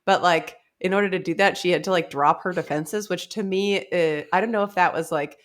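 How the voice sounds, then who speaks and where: A woman's voice: on the low side, fairly quick. A woman co-hosting a casual book club podcast, thinking aloud in a rambling way with many "likes". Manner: thoughtful, rambling, hedging with "like".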